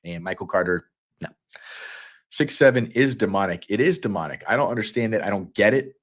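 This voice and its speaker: Playful Southern man, lowish voice. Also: breathy edge. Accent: Southern American. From Kentucky. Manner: playful, rambling, quick energetic bursts. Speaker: fantasy football livestream host. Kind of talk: casual livestream talk.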